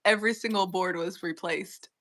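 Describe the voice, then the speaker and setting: A young adult woman, a nurse, chatting casually and telling animated stories with frequent laughter. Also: on the low side, normal speed, slight background noise. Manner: animated storyteller who laughs often. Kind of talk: casual chat.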